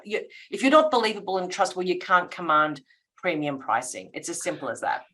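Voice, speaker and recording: A woman's voice: lowish voice, very animated, brisk, fairly bright tone. A woman guest on a podcast interview, a branding coach who speaks with emphatic enthusiasm and often acts out little bits of dialogue.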